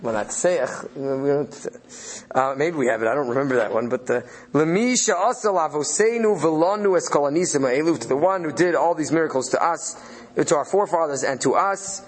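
A man's voice: a little high, brisk, breathy edge. A man leading a study session, reading out Hebrew phrases and translating them as he thinks aloud. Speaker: Torah study leader.

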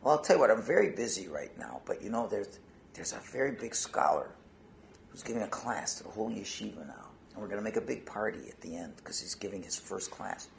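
A man voicing a gentle elderly rabbi who speaks slowly and softly, dropping almost to a whisper. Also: on the low side, animated, gravelly, slight background noise. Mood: kindly. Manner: hushed, slow, sinking to a near whisper. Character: gentle elderly rabbi, soft-spoken, patient teacher.

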